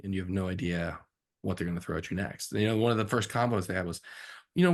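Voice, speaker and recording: A man, a film director as guest, telling stories from his career in a casual, animated interview. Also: deep voice, brisk, gravelly. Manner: animated, acts out quotes in a raised voice.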